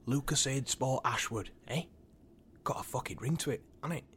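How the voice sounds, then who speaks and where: A brash, swearing footballer with a cocky laddish swagger, as an actor voices him in an audio drama. His voice sits at an ordinary pitch, with faint noise behind. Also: moderate pace, fairly bright tone, close to an everyday voice. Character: cocky male footballer, club captain.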